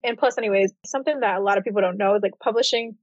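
A woman's voice: mid-range voice, very fast, no echo. A young adult woman, an author, telling her story casually in an interview, with lots of "like" fillers. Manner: chatty, heavy use of "like". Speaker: author guest. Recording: dull, dry audio.

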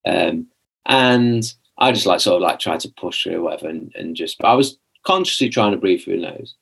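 A man's voice: deep voice, expressive, a little fast, creaky, a bit bright, slightly rough. A young man, a podcast guest telling a rambling personal story in casual conversation, full of restarts and fillers. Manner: chatty, rambling, many restarts and "like" fillers, acts out his own past lines.

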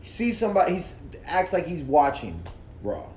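A man's voice: fairly high pitch, huge pitch swings, moderate pace, a little mellow, a little hiss or hum. A man hosting a casual wrestling chat, rambling and laughing often. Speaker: podcast host. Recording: echoey room with faint ambience.

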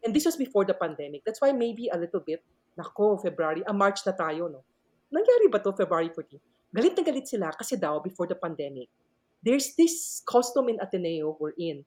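A woman's voice: medium pitch, a little fast. Filipino lady prof chatting, voice swings up and down a lot, flips english and tagalog. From Philippines. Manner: switches between English and Tagalog, expressive. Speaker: professor and guest speaker. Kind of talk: animated storytelling talk.

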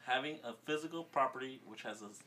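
A young man in the studio talking in an excitable, giggly, rushed way during a casual podcast. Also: medium pitch. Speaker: guest in the studio. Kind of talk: casual chat. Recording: noisy background.

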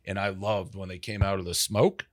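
A man's voice: low-pitched, level tone, normal speed, no echo, studio quality. A man, telling stories as an interview guest in a loose, profane way, acting out what people said to him. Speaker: interview guest, media founder. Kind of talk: casual interview storytelling.

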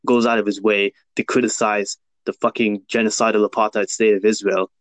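A man's voice: on the low side, little pitch movement, brisk, no echo, low-quality recording. A man in casual podcast chat, talking heatedly and profanely in long rants.

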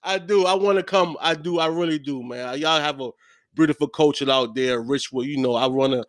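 A laid-back man hosts a casual podcast chat, slangy and fond of repeating himself. His voice sits a little high and sounds dry and close, with almost no room behind it. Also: brisk, no room sound. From Virginia, USA. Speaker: podcast host.

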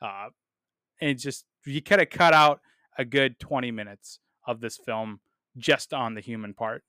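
A man's voice: medium pitch, measured pace, bright, forceful tone, clean tone, no room sound, clean studio sound. A man reviewing a film in a casual podcast monologue, blunt and dismissive, with plenty of "um"s and "uh"s. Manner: blunt and dismissive, many fillers.

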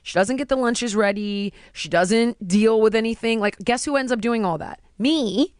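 A woman in casual chat, telling stories in an animated way and acting out what people said. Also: a little high, normal speed, clean tone, no echo, studio quality. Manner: animated storytelling, acting out quotes.

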